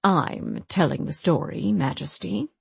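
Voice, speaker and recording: A woman voicing an ancient, unhurried priest. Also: lowish voice, gravelly, husky, no room sound, exaggerated voice. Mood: measured. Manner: calm, measured storytelling.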